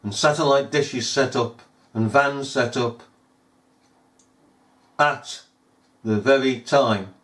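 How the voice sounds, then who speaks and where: A man's voice: mid-range voice, slow, long pauses, fairly bright tone. A man giving scornful, emphatic commentary over news footage, full of rhetorical questions. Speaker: video commentator.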